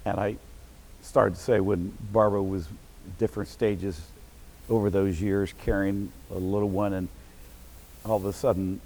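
A middle-aged man preaching a sermon as pastor, breaking into sudden shouted bursts of excitement. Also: on the low side, moderate pace, rough recording.

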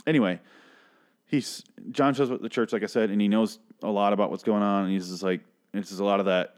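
A man's voice: fairly low pitch, steady tone, fast talker. A man casually ranting through a TV episode recap, sarcastic and swearing often, drifting into tangents.

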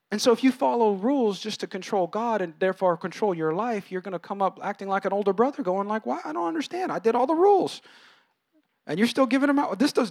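A man in his thirties or forties preaching a sermon, animated, acting out voices with big swings in pitch. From California. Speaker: pastor.

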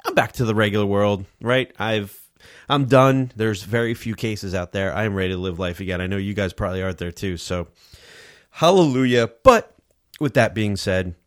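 A man's voice: lowish voice, a little fast, dry recording, studio quality. A man hosting his own podcast in casual solo talk, sounding nasal from a stuffy nose, chatty and self-deprecating with rambling asides. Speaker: podcast host. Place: home recording setup in New Jersey.

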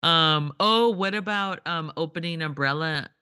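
Slow-talking bright woman, casual chat. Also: low voice, clear, resonant tone, no echo, clean studio sound. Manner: giggly, loose and joking. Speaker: podcast co-host.

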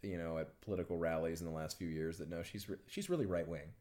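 A man's voice: sits low, fairly even intonation, fast talker, darkish tone. Rambling man, casual podcast host. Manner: rambling, many restarts and likes, gets heated. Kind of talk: casual chat.

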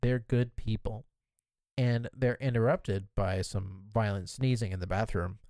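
A man's voice: fairly low pitch, steady tone, unhurried, darkish tone, clear, resonant tone, no room sound. A man co-hosting a podcast and recapping an episode in a chatty, casual way, with lots of "like" fillers. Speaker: podcast co-host.

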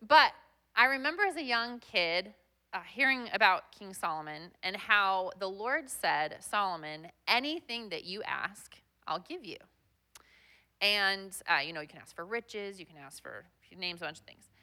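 A woman's voice: medium pitch, animated, normal speed, pushed and bright. A young woman guest pastor giving a chatty, self-deprecating sermon with plenty of fillers.

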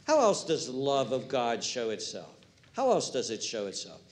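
A man preaching a sermon, animated, acting out quotes and swinging from hushed words to loud ones. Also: mid-range voice, moderate pace. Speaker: pastor.

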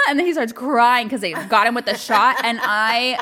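A woman's voice: fairly high pitch, fast, few pauses, sharp tone. A woman co-hosting a podcast, telling a family story in casual chat, acting out quotes and laughing often. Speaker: podcast co-host.

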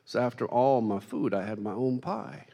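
Animated preacher man in reverberant hall. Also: mid-range voice, normal speed, gravelly, husky. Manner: animated storytelling with self-deprecating humor. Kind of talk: sermon with humorous stories.

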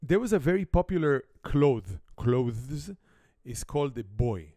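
Playful Israeli-accented family game host. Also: male voice, medium pitch, unhurried, dry recording, studio quality. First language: Hebrew. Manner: broken English grammar, animated comic storytelling. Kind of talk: playful storytelling and game hosting.

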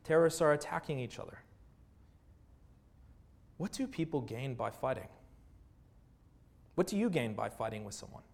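Earnest pastor preaching. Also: male voice, mid-range voice, sing-song, normal speed, creaky, long pauses. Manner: earnest, rhetorical questions and repetition. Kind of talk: sermon.

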